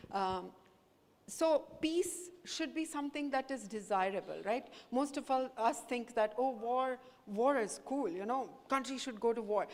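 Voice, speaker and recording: A woman from India gives students earnest, encouraging advice in a voice pitched a little high. The big hall adds a long reverb tail to every line. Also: darkish tone. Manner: earnest, encouraging, mixes Hindi into English. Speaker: guest speaker, professor. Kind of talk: talk to students.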